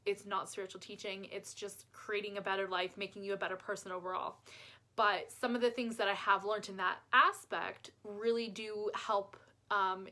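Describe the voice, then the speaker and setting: A woman's voice: mid-range voice, pushed and bright. A woman life coach giving self-help tips in an upbeat, chatty, self-deprecating way. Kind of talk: casual self-help vlog.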